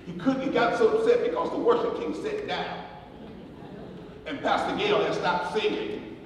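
A man, a pastor, preaching a eulogy sermon with animated storytelling and repetitions, recorded from a distance in a church sanctuary before a congregation. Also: high voice, normal speed, noisy background. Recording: echoey church hall recorded from far off, crowd audible.

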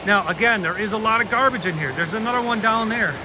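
A man's voice: high-pitched, fast. A man in his thirties vlogging on foot by a pond, speaking earnestly and dramatically to his viewers on a handheld camera. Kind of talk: casual outdoor vlog walk-and-talk. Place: outdoors by a pond. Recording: outdoor ambient noise.

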